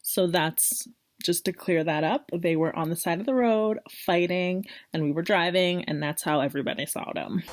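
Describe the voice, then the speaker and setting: A woman's voice: lowish voice, moderate pace. Young woman explaining to camera. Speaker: vlogger. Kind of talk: casual aside to camera.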